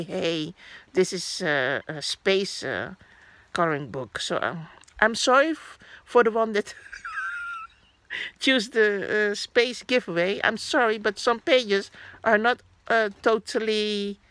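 Woman vlogger, unhurried and rambling, fillers and restarts, dead-dry room. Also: mid-range voice, animated, a bit bright, no room sound. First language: Dutch. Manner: rambling, chatty, frequent fillers and self-corrections. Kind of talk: casual haul vlog.

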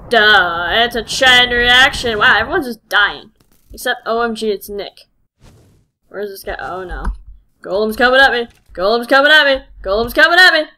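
A woman giving live gameplay commentary as host of her channel, excitable, exclaiming and poking fun at herself as she plays. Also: on the high side, slight background noise. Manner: excitable, exclaiming and self-mocking.

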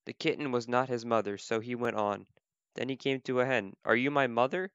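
Guy reading a kids book out loud, gentle and clear, kinda muffled dry recording. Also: medium pitch, fairly even intonation, brisk, no room sound. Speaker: volunteer reader. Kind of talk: children's storybook read-aloud.

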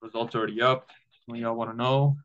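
A man recaps a wrestling episode in a relaxed, offhand way, dropping profanity and reciting lines as he goes. His voice is smooth and clear but stays fairly flat in pitch. The recording sounds a little muffled and lo-fi. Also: brisk. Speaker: wrestling show reviewer. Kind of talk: casual show recap.

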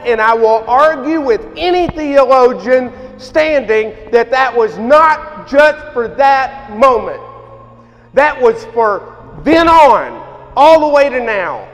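A man's voice: very high-pitched, lively intonation, slow pace, a bit bright, dull audio. A man, preaching a sermon in a folksy, emphatic way. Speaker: pastor. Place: church hall. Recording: hall reverb with faint music.

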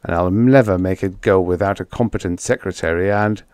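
A man's voice: low-pitched, fairly quick, a little mellow, smooth, dry recording, studio quality, close to an everyday voice. A man voicing a glib young TV producer who talks in an airy, wisecracking way. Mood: breezy.

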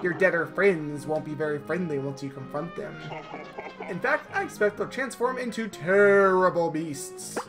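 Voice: medium pitch, normal speed, close to an everyday voice. Wise old cartoon kettle, read straight by a gamer, music bed behind. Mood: earnest. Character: Elder Kettle, a wise old male kettle, worried guardian.

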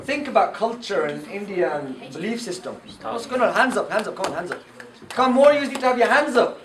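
A man tells stories and fires questions at a room of teenagers. His voice sits fairly high. He is picked up from far off in an echoing hall with a faint hiss behind him. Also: brisk. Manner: animated storyteller, quizzes the audience. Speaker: camp speaker. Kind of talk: lecture to teenagers at a youth camp. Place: indoor camp hall. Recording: echoey room, far from the mic, faint noise.

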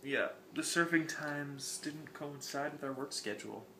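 A man's voice: fairly high pitch, measured pace, bright, forceful tone. Man, casual vlog banter, joking, camera far off, very echoey room, noisy. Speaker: vlog co-host. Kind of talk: casual chat.

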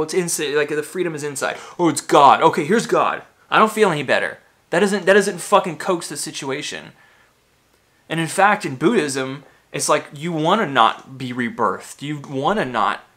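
Guy in his 30s venting, kinda high voice, cussing, rambling with lots of likes. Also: lively intonation, normal speed, bright, forceful tone. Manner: agitated, swearing, rambling with many fillers. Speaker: vlogger. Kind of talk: ranting monologue.

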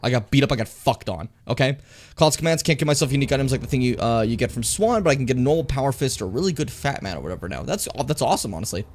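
Animated man streaming a game. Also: mid-range voice, racing. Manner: animated, swearing, jumps into shouting. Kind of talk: casual gameplay commentary.

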